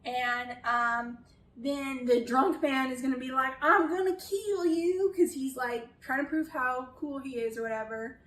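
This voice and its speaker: Chatty high-voiced woman critiquing a show. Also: fairly even intonation, unhurried, fairly bright tone, echoey room, far from the mic, a little hiss or hum, low-quality recording. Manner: chatty, exasperated, swears casually. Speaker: video essayist. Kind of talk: casual critique chat.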